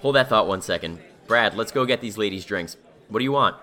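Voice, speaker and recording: A man's voice: on the low side, expressive, brisk, bright, forceful tone. An actor in a comedy audio drama playing a blunt, sardonic, crude young man.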